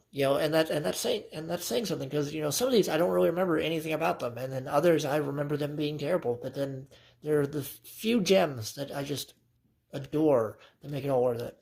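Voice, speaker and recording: Talking into his phone camera, a young man rambles eagerly about his playbill collection in a casual chat full of fillers and false starts. His voice is fairly high yet gravelly, husky, and darkish in tone.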